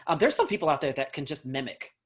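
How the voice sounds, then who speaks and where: This man speaks with a light Southern accent that slips in now and then. He is a dialect coach giving casual interview answers, reflective and thinking aloud as he goes. His voice sits a touch higher than average for a man. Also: big pitch swings, quick pace. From North Carolina, USA. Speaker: actor and dialect coach, guest.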